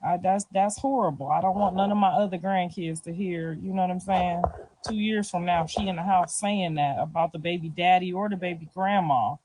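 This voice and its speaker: A woman's voice: fairly low pitch, fairly even intonation, normal speed, a little hiss or hum, low-quality recording. A middle-aged woman answering interview questions in a loose, slangy way, often checking in with "you feel me". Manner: loose, slangy talk with frequent "you feel me" and soft laughs. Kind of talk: casual street interview.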